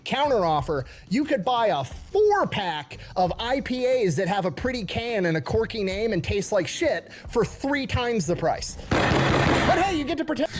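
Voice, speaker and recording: A man's voice: high-pitched, very animated, measured pace, hardly any pauses, noisy background. A man telling a story in casual commentary, ranting with swearing and mocking voices. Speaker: video creator explaining a topic.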